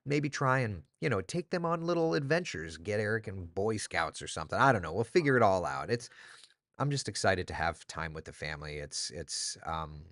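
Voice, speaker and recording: A man's voice: lowish voice, fairly bright tone, no echo, clean studio sound. A man in his thirties hosting a casual morning chat, rambling and joking with lots of restarts. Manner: rambling, restarts a lot, jokey. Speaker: TV meteorologist host. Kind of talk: casual live-stream chat.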